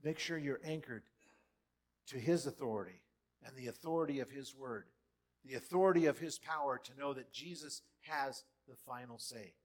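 A man preaching a sermon in a church hall, animated and dramatic, with big swings in loudness as he acts out quotes. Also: mid-range voice, normal speed. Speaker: pastor.

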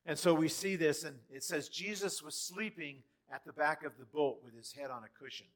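A man with a fairly high voice preaches a sermon in a church hall. He is animated and dramatic, jumping between loud bursts and quiet asides. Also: normal speed. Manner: animated, dramatic quoting with big swings in loudness. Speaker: pastor.

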